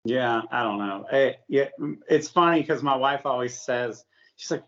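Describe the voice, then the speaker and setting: A man co-hosting a casual podcast, laid-back and quick to laugh. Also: medium pitch, a bit bright. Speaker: podcast co-host. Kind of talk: casual chat. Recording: dull lo-fi podcast audio.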